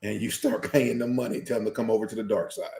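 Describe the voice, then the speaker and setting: A man co-hosting a podcast in casual chat, giving opinionated, animated rants. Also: lowish voice, fast talker, gravelly, reverberant. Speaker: podcast co-host.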